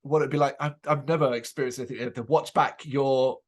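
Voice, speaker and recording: A man's voice: medium pitch, fairly even intonation, fast. A man hosting an interview. He asks his questions with enthusiasm, but he stumbles and restarts his phrases now and then. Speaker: interviewer host.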